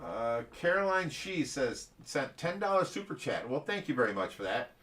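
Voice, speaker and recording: A man's voice: mid-range voice, sing-song, moderate pace, fairly bright tone. A man co-hosting a casual livestream, reading chat messages aloud and joking often. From Ohio, United States.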